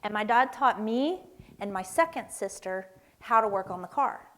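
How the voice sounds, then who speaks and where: A woman's voice: mid-range voice, expressive, moderate pace, a bit bright. Woman from Tennessee, seminar speaker in a church hall; conversational, tells stories, keeps asking "right?". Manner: conversational, storytelling, often asks "right?".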